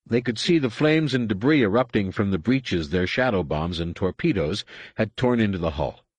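A man reading a science-fiction novel aloud as a dramatic, animated audiobook narrator. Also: fairly low pitch, moderate pace, breathy edge, no echo. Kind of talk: scripted narration.

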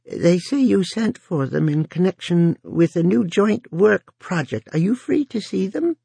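A man voicing a quaking elderly woman secretary speaking over an audiobook intercom, in a rasping voice. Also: sits high, expressive, a little slow, dark tone, no echo, voice pushed up, full character voice. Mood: dutiful. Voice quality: rasping, quavering.

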